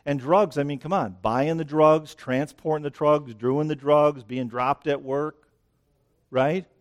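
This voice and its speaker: Outdoors near dense greenery, a man with a fairly high, steady voice delivers a sermon a little slowly. He's slightly out of breath and conversational, repeatedly checking in with listeners by asking "right?".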